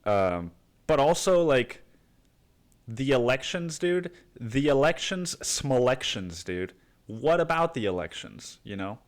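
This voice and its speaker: A man's voice: mid-range voice, big pitch swings, takes it slowly. A young man with the sniffles hosting his podcast in a rambling, profane, slangy monologue. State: sniffly with a cold. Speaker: podcast host.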